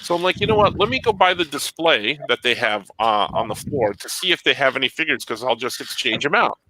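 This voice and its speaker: A man's voice: mid-range voice, animated, a little fast, pushed and bright, slight background noise, low-quality recording. A man telling a long story in casual chat, acting out both sides of the conversation.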